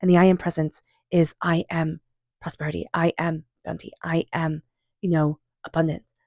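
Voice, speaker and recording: A woman doing a tarot reading, speaking in a calm, unhurried, affirming way and softly repeating invocations. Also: sits low, dry recording, studio quality. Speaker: tarot reader. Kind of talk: tarot card reading monologue.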